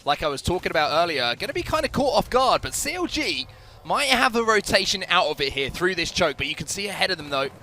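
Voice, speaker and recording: A man with a British-sounding accent giving play-by-play esports commentary, energetic and rising on big plays. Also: sits high, quick pace. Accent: British or Australian English. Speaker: esports caster.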